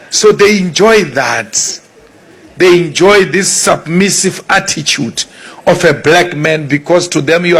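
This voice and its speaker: Husky South African man, high and unhurried, forceful political speaker who repeats lines for emphasis. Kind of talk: political speech.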